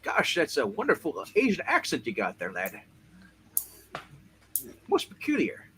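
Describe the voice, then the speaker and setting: A man's voice: a little high, huge pitch swings, a little slow, pushed and bright, voice pushed down, heavily acted. A man voicing a brash young male scientist, boastful and crude, swearing as he tells his story, with faint noise behind.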